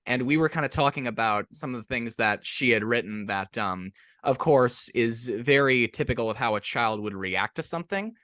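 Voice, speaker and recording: A man's voice: medium pitch, expressive, normal speed, fairly bright tone, no echo, clean studio sound. A man hosting an interview podcast, talking in a chatty, eager way. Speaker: podcast host. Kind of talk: casual interview chat.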